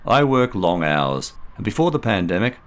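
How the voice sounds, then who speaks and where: A swaggering male lawyer, eager and charming, as a narrator plays him. The deep voice lifts keenly and moves with a lively lilt. He sounds like a character in a storybook reading. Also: normal speed.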